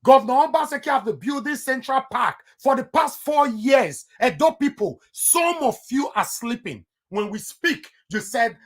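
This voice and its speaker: A man's voice: extremely high pitch, animated, moderate pace, hardly any pauses. A man with a Nigerian accent giving heated political commentary on his vlog, emphatic and repeating himself for stress.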